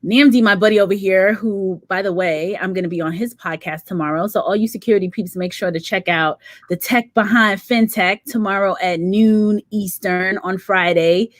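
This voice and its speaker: A woman's voice: mid-range voice, normal speed, no room sound. A woman co-hosting a livestream, reading viewer comments aloud and laughing often in casual chat. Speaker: livestream co-host.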